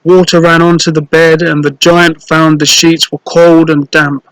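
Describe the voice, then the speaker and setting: Man, storyteller, slow and clear, slightly high voice, dry close sound, playful children's story. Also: little pitch movement, a bit bright, no room sound, rough recording.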